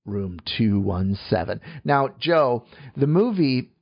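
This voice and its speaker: A man co-hosting a casual podcast chat, halting through many fillers and tossing in joking asides. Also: mid-range voice, very animated, vocal fry, dull audio. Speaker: podcast co-host.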